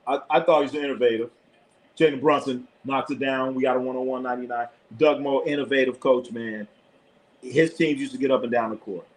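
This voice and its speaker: Fairly quick and medium in pitch, this man streams sports and calls a game live, excitedly shouting at players and cursing casually between bits of sports chat. The recording is rough.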